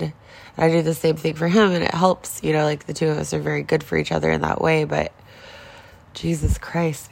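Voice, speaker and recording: A woman's voice: low voice, creaky. A woman in her forties in a casual confessional vlog, upset and near tears, talking in a raw, rambling way with lots of swearing. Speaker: vlogger.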